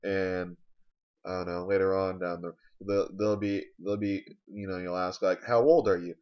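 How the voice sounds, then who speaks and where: A man delivering a rambling, deadpan comic monologue with halting restarts. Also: deep voice, clean tone. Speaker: comedian. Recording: dull lo-fi recording.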